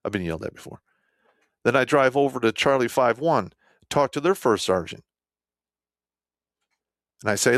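A man's voice: moderate pace, pauses often, no room sound. Blunt, profane man with a dry close sound. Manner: animated, swings between loud outbursts and low asides. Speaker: army veteran telling a war story. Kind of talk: casual storytelling.

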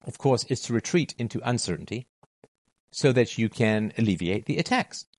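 Emphatic middle-aged man, low dry voice. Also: no echo. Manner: emphatic, repeats key phrases. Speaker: philosophy talk host. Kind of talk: monologue to listeners.

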